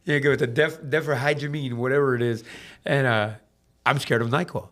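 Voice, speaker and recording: A man's voice: mid-range voice, fairly even intonation, moderate pace, a bit bright. A man from Southern California tells a personal story in loose, casual conversation. He swears freely and acts out the dialogue, switching voices for each person in it. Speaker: podcast guest in recovery.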